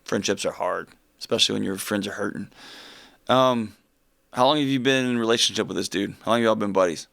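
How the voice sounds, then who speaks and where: A man's voice: on the low side, fast, vocal fry, no room sound, clean studio sound. Reassuring male advice show host. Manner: warm, reassuring, conversational. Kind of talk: call-in advice talk.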